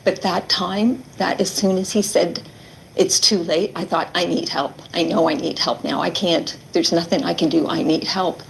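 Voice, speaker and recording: Interviewee, woman, middle-aged, gravelly, a bit low, earnest retelling. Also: fairly even intonation, normal speed, slight background noise, poor audio. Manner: earnest, quotes herself and others, many "like" fillers. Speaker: interviewee recounting her ordeal. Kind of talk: emotional testimony in an interview.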